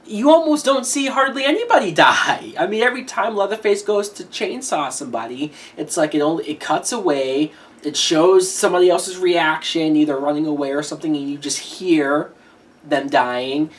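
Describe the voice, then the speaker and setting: A woman's voice: sits low, lively intonation, normal speed. A woman giving a casual horror movie review, blunt and swearing freely, often laughing as she talks.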